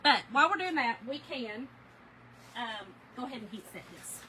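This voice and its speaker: A woman with a high, bright voice chats animatedly with her livestream viewers, calling them y'all and girl as she crafts. She sounds close to the mic in a home craft room, with faint noise in the background. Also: expressive, normal speed, low-quality recording. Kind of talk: casual chat while crafting, reading viewer comments.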